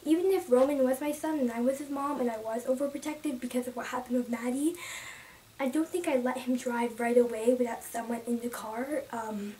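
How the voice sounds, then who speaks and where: A young woman giving a casual, emotional book review, rambling with many restarts and sometimes dropping to a soft whisper. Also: high voice. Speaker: book vlogger. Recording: distant from the mic, faint room noise.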